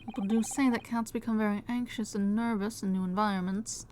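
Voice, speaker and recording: A woman voicing a timid, nervous young woman with a put-on Russian accent, speaking in a hushed, halting way. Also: medium pitch, fairly even intonation, a little hiss or hum, natural voice. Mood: anxious. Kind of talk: reading game dialogue aloud in voices.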